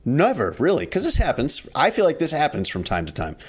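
A man's voice: a little high, wildly swooping pitch, a little fast, husky. A man co-hosting a podcast, telling stories in a wry, exasperated casual chat. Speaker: podcast co-host.

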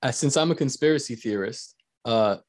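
A man's voice: medium pitch, moderate pace, a little mellow. A man hosting a podcast, telling stories in a casual, crude way and laughing often. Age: adult with young kids. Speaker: podcast host. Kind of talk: casual chat.

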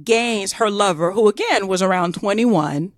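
A woman with a Southern US accent, co-hosting a podcast and telling a story in a chatty, animated way with many fillers. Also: medium pitch, moderate pace, dry recording, clean studio sound. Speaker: podcast co-host. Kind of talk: casual storytelling chat.

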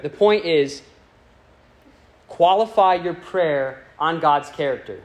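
Male preacher, slightly higher voice, chatty sermon delivery with questions to the church. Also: slow pace, pauses often. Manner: conversational and playful, asking the congregation questions.

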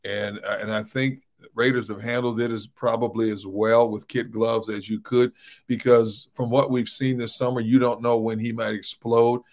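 Animated male sports talk co-host. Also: mid-range voice, normal speed. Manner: animated, folksy, says "man" often. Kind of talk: casual sports radio chat.

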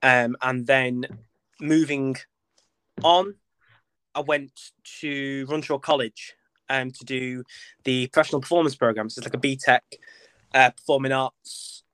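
A young man, chatting as a podcast guest in a flamboyant, expressive way. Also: mid-range voice, unhurried, long pauses, clean tone, no echo. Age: young adult. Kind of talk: casual interview chat.

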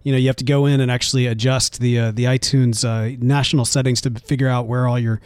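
A man's voice: mid-range voice, level tone, fast, a little mellow, clean tone, dry recording. A man co-hosting a podcast in a casual, rambling chat who often calls his co-host "man". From United States. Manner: laid-back, rambling, often says "man".

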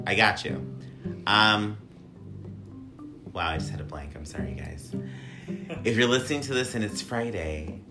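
A man hosting a casual podcast, joking and rambling with filler words and asides. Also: low voice. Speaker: podcast host.

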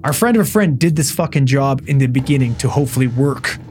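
Swearing paramedic telling a story. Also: male voice, medium pitch, quick pace, soft background music. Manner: profane, animated storyteller who acts out what people said. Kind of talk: casual storytelling chat.

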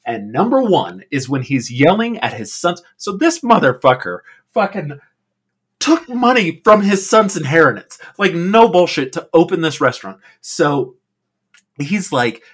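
Male co-host, husky and lively, rambling raconteur who swears. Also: on the high side, unhurried. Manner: rambling storyteller, swears freely, frequent ums. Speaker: podcast co-host. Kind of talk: casual chat.

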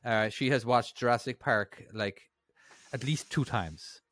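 A man co-hosting a casual podcast, curious and wry, speaking fairly softly. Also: medium pitch, unhurried, dry recording, studio quality. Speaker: podcast co-host. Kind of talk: casual chat.

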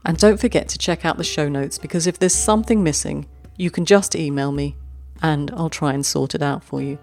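A woman hosting a poetry podcast, speaking with warm enthusiasm and slowing down to savour lines read aloud. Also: low voice, soft background music. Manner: animated, slows right down to read poems aloud. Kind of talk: podcast commentary on haiku.

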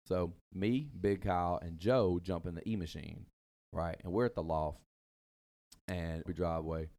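A man's voice: deep voice, moderate pace, mellow. A man hosting a casual chat, telling a long rambling story full of asides and fillers.

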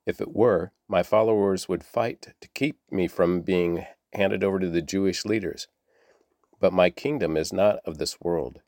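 A man reading aloud the calm, measured answers of a dignified teacher. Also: sits low, no echo.

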